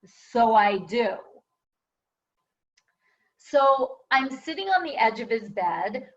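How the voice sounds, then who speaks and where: A woman telling a personal story in an expressive, deadpan comic style, recording at home. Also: a little high. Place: her home. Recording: distant, dull home video audio.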